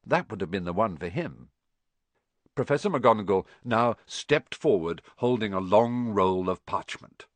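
A man's voice: lowish voice, lively intonation, a little slow, dry recording. Man narrating a storybook expressively. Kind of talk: audiobook narration.

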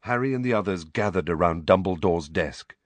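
Expressive male audiobook narrator. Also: sits low, brisk, no room sound. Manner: expressive, storytelling.

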